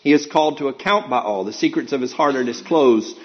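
A man's voice: medium pitch, fairly quick. Man, preacher, talky sermon, earnest, restarts often, dull recording. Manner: earnest, thinks aloud with frequent restarts. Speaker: preacher teaching a Bible class. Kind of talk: conversational sermon.

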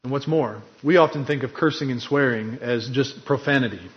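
A man's voice: medium pitch, normal speed, muffled recording. A man preaching a sermon in an earnest, emphatic way, acting out quoted lines with drama. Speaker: pastor.

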